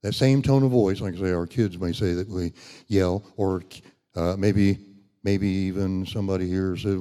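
A man's voice: low voice, steady tone, normal speed, dark tone. A middle-aged man preaching a sermon, folksy and conversational, rising to emphatic when he reads scripture. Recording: long hall reverb.

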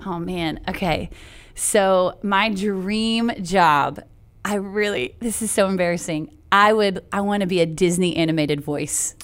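Woman in her thirties, bubbly and giggly, smooth clear voice, lowish pitch. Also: unhurried. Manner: bubbly, giggly, self-deprecating, lots of "like". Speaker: podcast guest. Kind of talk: casual interview chat.

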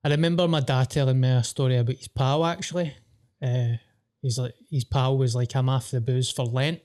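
A man's voice: medium pitch, steady tone, fairly quick, a little mellow. A Scottish man in casual podcast chat, telling candid, sweary, jokey stories.

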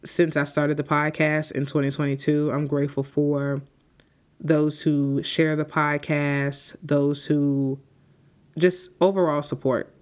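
A woman's voice: sits low, flat delivery, slow pace, darkish tone. A woman in her twenties hosting a solo podcast, talking off the cuff in a rambling, heartfelt and grateful way. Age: 20s. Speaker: podcast host. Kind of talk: unscripted solo podcast reflection.

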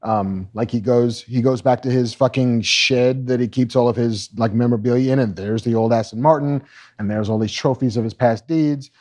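A man's voice: medium pitch, fairly even intonation, moderate pace, a little mellow. A man co-hosting a live podcast, talking in a loose, rambling, profane way and joking with his co-host. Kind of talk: casual chat. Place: bar set of a live show.

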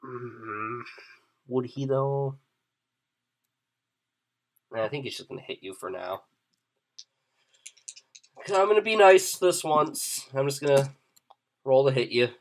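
A man running a tabletop game as game master, relaxed and chatty, thinking aloud with fillers. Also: mid-range voice, slow pace, pauses often.

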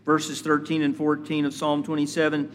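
A man preaching a sermon as a pastor, measured and deliberate, building emphasis through repetition. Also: fairly high pitch, completely flat delivery, big-room sound.

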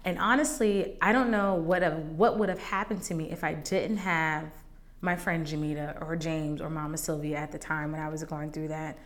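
A woman's voice: low-pitched, steady tone, normal speed. A woman hosting a faith podcast, candidly sharing a personal testimony in a conversational way that turns emotional at times. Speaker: podcast host.

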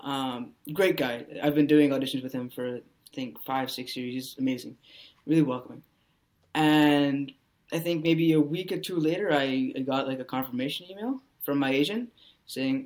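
A man's voice: mid-range voice, normal speed, a little mellow. A man, an actor appearing as a podcast guest, speaking casually and rambling with lots of "you know" fillers.

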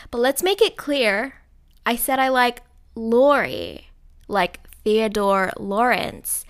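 A woman's voice: mid-range voice, fairly bright tone. A young woman giving casual, gushing film commentary, giggling and talking straight to her viewers. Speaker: film vlogger.

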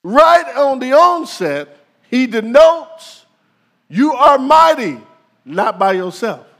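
A male pastor preaching a sermon, calling out to the congregation with dramatic pauses. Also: extremely high pitch, sing-song, gravelly, fairly bright tone, long reverb tail.

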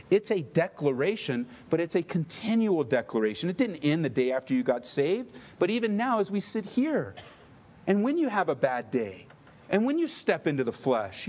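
A man's voice: mid-range voice, a little mellow, slight background noise. A middle-aged male pastor preaching a sermon with emphatic delivery and playful asides.

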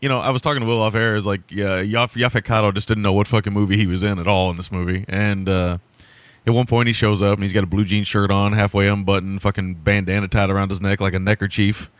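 Casting: man, lowish voice, loose profane movie-podcast host, dry close sound. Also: level tone, fast talker, dry recording. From America. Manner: rambling, profane, laughs often. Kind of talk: casual movie chat.

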